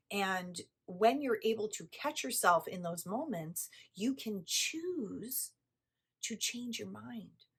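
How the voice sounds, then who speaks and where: A woman's voice: medium pitch, husky. A middle-aged woman, a spiritual teacher, explaining a text in a blunt, casual way and laughing often.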